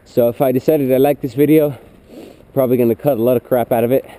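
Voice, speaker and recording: A man's voice: mid-range voice, fairly even intonation, fast, dark tone. A teenage boy vlogging as he walks home at night, rambling in a sarcastic tone, recorded on a head-mounted camera. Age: teens. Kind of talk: casual vlog monologue. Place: outdoors at night, suburban streets. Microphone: head-mounted action camera. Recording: noisy outdoor action-cam audio.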